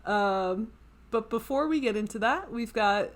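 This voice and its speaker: A woman's voice: a little high, expressive, measured pace. A woman co-hosting a podcast in casual, giggly banter with her co-hosts. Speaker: podcast co-host.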